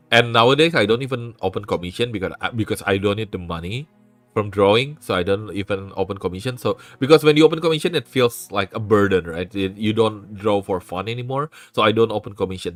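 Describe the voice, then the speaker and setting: A man's voice: on the low side, a little fast, fairly bright tone, dry recording, faint music behind. A man with an Indonesian accent chatting casually on a stream, earnest and repeating phrases for emphasis, on a desk microphone.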